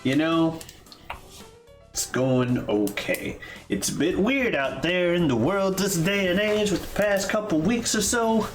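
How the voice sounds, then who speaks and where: A man's voice: sits high, expressive, a little slow, faint music behind. Jokey swearing podcast guy, echoey room. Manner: jokey, boastful, swears freely. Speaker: podcast co-host. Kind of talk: casual chat.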